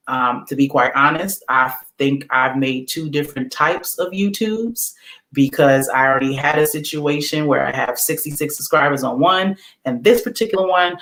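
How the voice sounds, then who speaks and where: Speaking with a fairly high, slightly bright voice, a man on a livestream motivates his audience. He uses casual slang and hammers home repeated affirmations like a preacher.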